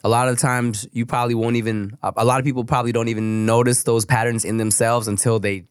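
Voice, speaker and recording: A man co-hosting a podcast, a father talking casually about his toddler, relaxed and a little profane. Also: mid-range voice, fast, smooth, dry recording, studio quality. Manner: laid-back, says "bro" and "dog", swears casually. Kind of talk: casual chat.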